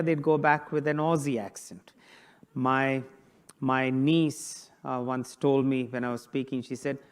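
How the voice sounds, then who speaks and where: Priest giving a chatty homily. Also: male voice, mid-range voice. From India. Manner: conversational, with frequent restarts and repeated words.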